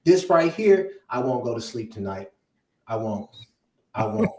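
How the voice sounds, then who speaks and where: A man ranting as an upset sports fan co-host, swinging from hushed hurt to loud outbursts. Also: medium pitch, unhurried, reverberant, far from the mic, low-quality recording. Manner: animated venting, swings from hushed to yelling. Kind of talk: emotional sports fan rant.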